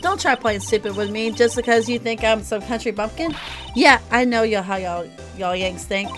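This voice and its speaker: A woman voicing a loud, sassy Southern woman photographer in a video game, speaking with a folksy put-on Southern drawl over game music. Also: a little high, normal speed, close to an everyday voice. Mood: indignant. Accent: American Southern, put on.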